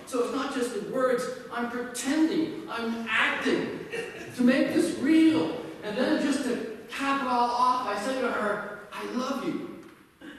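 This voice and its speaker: Guy preaching a sermon, kinda high voice, big echoey church, mic pretty far off. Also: fairly bright tone. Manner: conversational storytelling, self-deprecating humor. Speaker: pastor. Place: church sanctuary.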